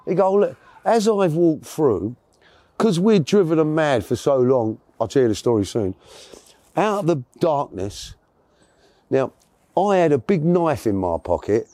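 A man's voice: a little high, sing-song, a little slow, mellow, dry recording. A man, telling a long story as an interview guest in a rambling, chatty way, correcting himself as he goes. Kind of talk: casual storytelling.

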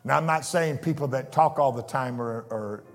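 A man preaching a fervent sermon, swinging from soft asides to shouted declarations. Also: mid-range voice, moderate pace, big-room sound, soft background music. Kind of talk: pentecostal sermon. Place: church sanctuary.

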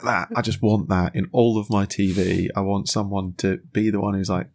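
A young man with a very low, gravelly voice co-hosts a casual podcast chat. He rambles enthusiastically, full of fillers and restarts. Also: flat delivery, moderate pace, hardly any pauses, darkish tone. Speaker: podcast co-host.

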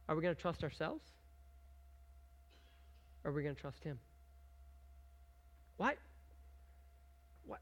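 A man's voice: sits high, lo-fi sound. A man preaching a sermon, reading scripture aloud and talking conversationally with his congregation, asking them questions and prompting them to join in. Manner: reads scripture aloud with rising emphasis. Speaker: pastor.

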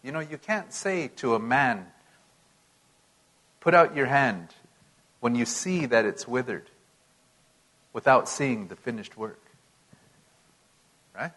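A man preaching a sermon in an unhurried, emphatic way, his volume swinging from loud to soft. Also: mid-range voice, lively intonation, low-quality recording.

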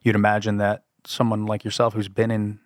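A man's voice: lowish voice, monotone, a little fast, dry recording, studio quality. A man hosting a casual interview from a house, asking blunt questions and swearing freely. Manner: frank, swears casually, short reactive remarks. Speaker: interviewer, host. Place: indoors in a house.

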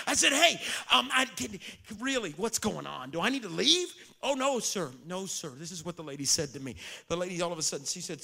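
A man preaching a sermon, telling stories and calling out to the crowd, with sudden swings from shouting to hushed whispers. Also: sits high, big pitch swings, fairly quick, creaky. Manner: storytelling, calls out to the crowd.

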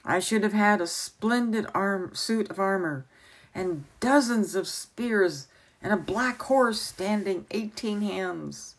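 A woman's voice: medium pitch, slow, pitched above the performer's own voice. A woman voicing an earnest young boy from a storybook who talks eagerly and wistfully.

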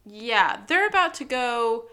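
A woman co-hosting a casual podcast recap of a TV episode, acting out the characters' lines in quick animated bursts. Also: a little high, clear, resonant tone. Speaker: podcast co-host.

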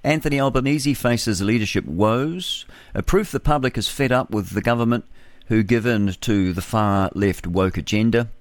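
A man's voice: medium pitch, moderate pace, no room sound. A New man hosting a talk radio show, reading news headlines and adding scornful remarks between them. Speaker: radio host.

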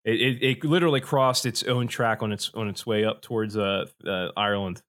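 A man's voice: lowish voice, fairly even intonation, fairly quick, a bit bright. Rambling, swearing podcast host, a man. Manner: rambling, swears freely, laughs often. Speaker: podcast host presenting slides. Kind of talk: casual podcast chat.

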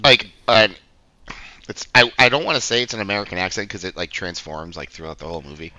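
A man's voice: sits low, fast, sharp tone, low-quality recording. A man co-hosting a movie podcast, chatting loosely with lots of fillers and frequent laughter. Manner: laughs often, filler-heavy. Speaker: podcast co-host. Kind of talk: casual movie-review chat.

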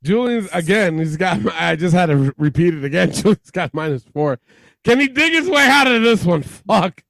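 A man hosting a podcast quiz game, cursing often and ribbing the players in loud, exasperated casual banter. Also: high-pitched, expressive, moderate pace, creaky, no room sound.

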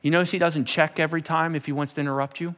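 A man's voice: on the high side, flat delivery, racing, a bit bright, big-room sound. A man preaching a sermon, telling the story with animation and repeating words as he builds. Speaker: pastor.

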